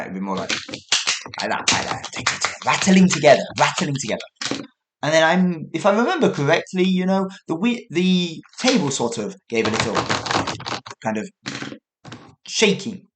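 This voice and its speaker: A middle-aged man, hosting a podcast for learners and telling a story in a casual way. He is animated, mimics sounds with little noises and corrects himself mid-sentence. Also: mid-range voice. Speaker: English teacher podcast host.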